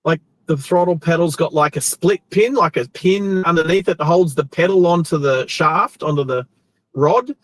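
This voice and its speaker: High-voiced Australian man telling a story. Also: normal speed, dry recording, low-quality recording. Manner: animated, rambling with restarts. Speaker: host. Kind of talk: casual storytelling while driving. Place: inside a car on the road.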